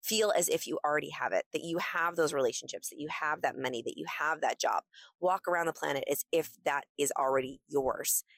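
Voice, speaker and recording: A woman's voice: sits low, brisk, no echo. Upbeat woman hosting a motivational podcast. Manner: enthusiastic, breezy and encouraging, acts out excited quotes. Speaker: podcast host.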